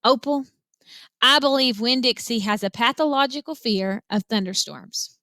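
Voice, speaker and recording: A woman reading a novel aloud to students, voicing a bewildered, kindly small-town preacher who talks slowly and calmly. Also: a little high, no echo. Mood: puzzled.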